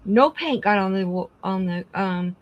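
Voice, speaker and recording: A woman's voice: medium pitch, animated, normal speed, muffled recording. A middle-aged woman hosting a craft live stream, casually telling family stories and acting out the dialogue. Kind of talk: casual storytelling chat.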